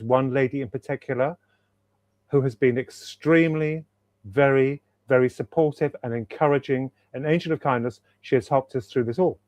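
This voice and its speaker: A man's voice: mid-range voice, a little mellow, dry recording. Enthusiastic man, rambling on a call. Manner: enthusiastic, rambling, repeats himself for emphasis. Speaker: guest author. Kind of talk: casual interview chat. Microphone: video call.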